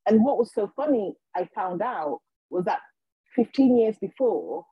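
A woman, a guest on a podcast, telling her personal story in an animated way and acting out what people said to her. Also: medium pitch, a little slow, husky, no room sound, lo-fi sound. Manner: animated, acts out quoted dialogue. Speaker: guest, healer and intuitive.

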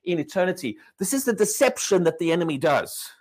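A man's voice: high-pitched, very animated, fairly quick. A man preaching a sermon, emphatic and questioning, repeating and restarting words as he drives his points home.

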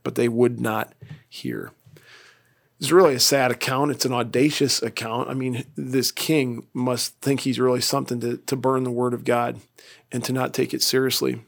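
Gravelly-voiced man teaching the Bible. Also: mid-range voice, normal speed. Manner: earnest, plainspoken, ends in prayer. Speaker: pastor.

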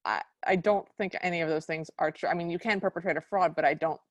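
A woman's voice: lowish voice, fast, dry recording. Sarcastic woman podcast co-host. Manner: sarcastic, exasperated. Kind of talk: casual chat recapping a movie.

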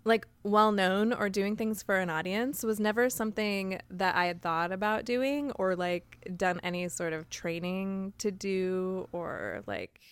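A woman's voice: medium pitch, unhurried, few pauses, clean tone, dry recording. A woman co-hosting a podcast, chatting casually in a hesitant, self-deprecating way with many fillers. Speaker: podcast co-host. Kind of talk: casual chat.

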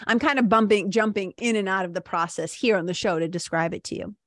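A middle-aged woman talks straight to her listeners in a casual, excited monologue, peppering her sentences with quick asides. Her voice sits at an ordinary pitch and sounds dry and close, with no room around it. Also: dry recording. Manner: enthusiastic and animated, with many "like" and "right?" asides. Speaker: podcast host. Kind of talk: casual monologue, retelling a coaching session.

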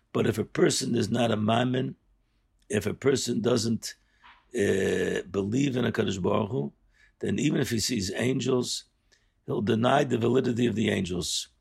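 Rich: A gravelly, husky voice belonging to an older man teaching a Torah class. He speaks earnestly and climbs high and loud when he wants to drive a point home. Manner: earnest, rising sharply in pitch and volume for emphasis. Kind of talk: Torah lesson.

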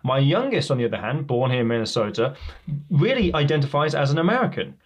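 A man's voice: medium pitch, big pitch swings, quick pace. A man, a podcast guest telling stories about family and identity in a reflective way. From England. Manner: fluent, reflective storytelling. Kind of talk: casual interview chat.

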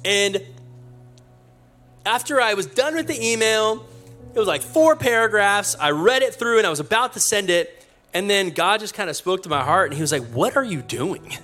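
Animated storytelling male pastor. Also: high voice, normal speed, faint music behind. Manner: animated, laughing, self-mocking. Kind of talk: storytelling sermon.

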